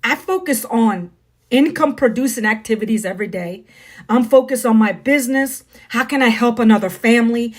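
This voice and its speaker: A middle-aged woman from the United States, talking bluntly and preachily to viewers on a phone live stream. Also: fairly high pitch. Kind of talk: casual live-stream monologue.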